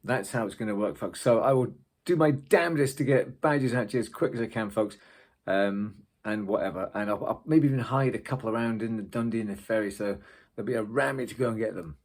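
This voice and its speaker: A man's voice: lowish voice, a little fast, dry recording. A Scottish man in his fifties, rambling casually to camera as a vlogger and often digressing. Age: 50s. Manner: rambling, digressive, keeps calling viewers "folks".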